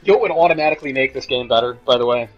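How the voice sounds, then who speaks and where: A man's voice: medium pitch, rapid-fire, dull audio, faint music behind. Joking man streaming a video game. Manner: joking, sarcastic, talks to chat viewers. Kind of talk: casual game stream commentary.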